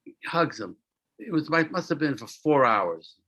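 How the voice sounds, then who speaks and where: A man's voice: a little high, very animated, normal speed, sharp tone, no echo, low-quality recording. A man being interviewed as an entertainment producer, talking casually and telling rambling stories with repeated words and acted-out quotes.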